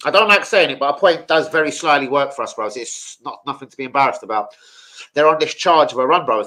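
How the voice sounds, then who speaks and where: A man's voice: fairly high pitch, expressive, fast talker, sharp tone. A young man chatting casually about football as a streamer, slangy and sweary.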